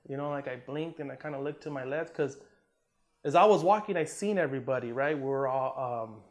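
A man, an Army combat veteran from Southern California, telling a war story in a casual interview, relaxed and profane, full of "man" and "you know", acting out the quotes. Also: mid-range voice, a little fast.

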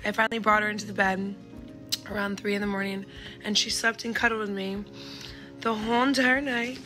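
A woman's voice: mid-range voice, flat delivery, brisk, music in the background. A woman vlogging casually to her viewers, chatty and slipping into gushing baby talk with a puppy, at home and out on a farm. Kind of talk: casual vlog chat.

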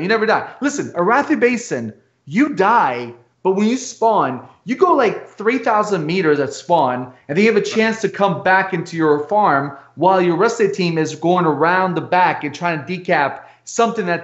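A man co-hosting a casual gaming podcast, ranting in a heated, animated way. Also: high-pitched. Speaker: podcast co-host. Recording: muffled lo-fi audio.

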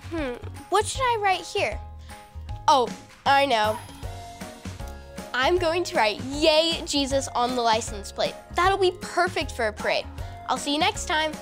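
A woman hosting a children's church show, bright and playful, talking straight to the kids. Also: high-pitched, very animated, unhurried, pauses often, faint music behind.

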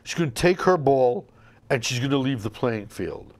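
A man's voice: medium pitch, expressive, normal speed. A man hosting a combat sports podcast, talking in a casual, showman-like way with playful sign-offs. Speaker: podcast host. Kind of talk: casual solo commentary.

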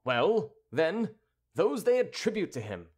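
A man's voice: high voice, big pitch swings, a little slow, a little mellow, pitched above the performer's own voice, heavily acted. A man voicing a proud, hot-tempered middle-aged cavalier who speaks haughtily and impatiently, pushing his voice up.

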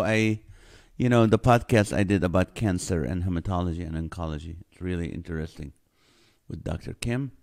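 A man's voice: low voice, animated, normal speed, a little mellow. A man hosting a casual livestream from home, greeting viewers by name and joking as he reads their comments. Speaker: livestream host. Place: home in California.

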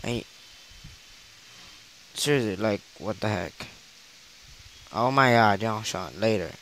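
A man's voice: on the low side, takes it slowly, a bit bright, low-quality recording. A teenage male gaming host reacting live to his mobile game with gasps and repeated exclamations, speaking loosely with shaky grammar. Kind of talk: live gameplay commentary. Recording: faint hiss.

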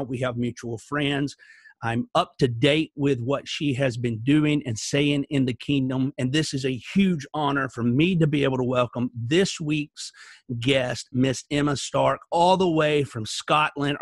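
A man's voice: medium pitch, dry recording, clean studio sound. A man hosting a podcast, introducing his guest in an effusive way and asking questions. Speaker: podcast host. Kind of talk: casual interview hosting.

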